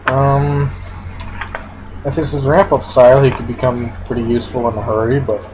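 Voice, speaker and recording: A man's voice: medium pitch, level tone, moderate pace, noisy background. A man giving casual, unscripted commentary while playing a card game, thinking aloud and sometimes talking with his mouth full. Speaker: gameplay commentator.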